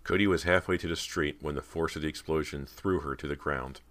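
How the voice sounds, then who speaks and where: Man, audiobook narration, very deep voice, steady pace. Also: fairly quick.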